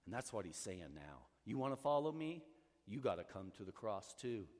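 A male pastor preaching a sermon, swinging between loud urging and hushed, low passages. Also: sing-song, moderate pace, in a large hall.

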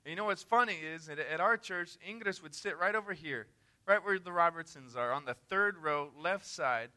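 Male missionary preacher, emphatic storyteller, sharp, ringing tone. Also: on the high side, normal speed. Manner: earnest, emphatic, conversational. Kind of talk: sermon storytelling.

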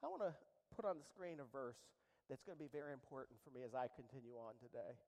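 A woman's voice: extremely low pitch, fast talker, warm tone, poor audio. A woman pastor preaching a sermon to her church, retelling a parable and acting out its quoted lines with dramatic storytelling.

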